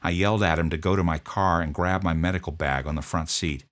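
A man narrating a first-person account of an emergency call, in a steady, measured telling. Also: low voice. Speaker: first responder recounting a call.

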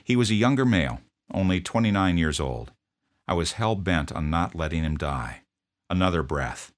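A man narrating a first-person account of an emergency call, in a steady, measured telling. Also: sits low. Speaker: first responder recounting a call.

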